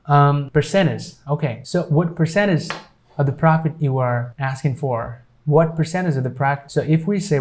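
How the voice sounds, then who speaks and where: A man's voice: a little high, a little slow. A man teaching English pronunciation, explaining with many fillers and repeating example sentences. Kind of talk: pronunciation lesson.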